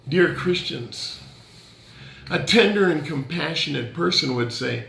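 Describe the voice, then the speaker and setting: A man's voice: a little high, animated, unhurried, gravelly, a bit bright, roomy sound, a little hiss or hum. A male pastor giving a conversational sermon, joking and challenging his listeners directly.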